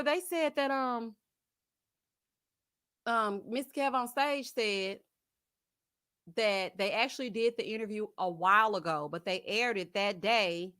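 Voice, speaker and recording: A woman hosts a casual live chat and answers viewer comments with lively gossip. She laughs often and uses plenty of slang. Her voice sits in a middle pitch, and it is recorded dry and close to the mic. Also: dry recording. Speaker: host of a live chat stream.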